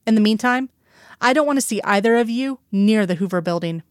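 Brief: woman reading stern male supervisor, curt reprimands, crisp voice. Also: mid-range voice, a little fast, no echo, clean studio sound, lightly acted. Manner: clipped, scolding. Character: stern male FBI boss, gruff, protective.

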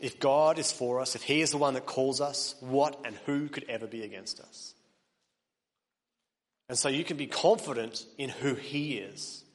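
In a reverberant church hall, a pastor with a mid-range voice delivers an earnest sermon at moderate speed. His delivery climbs to forceful high points before easing back to softness, with a long echo lingering after.

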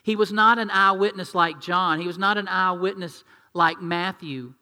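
Bright-voiced male pastor in a reverberant hall. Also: high voice, normal speed. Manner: conversational, asks the congregation questions, acts out quotes. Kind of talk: sermon. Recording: long reverb of a large hall.

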